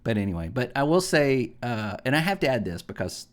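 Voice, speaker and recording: A man's voice: medium pitch, sing-song, brisk. A man from the American South, chatting on a gaming podcast, rambling and opinionated with lots of ums and restarts. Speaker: podcast host. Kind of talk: casual podcast chat.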